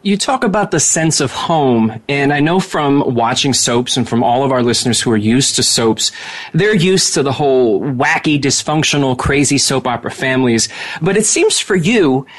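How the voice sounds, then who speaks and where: A man's voice: medium pitch, lively intonation, normal speed. A male radio host asking an interview question, earnest and complimentary.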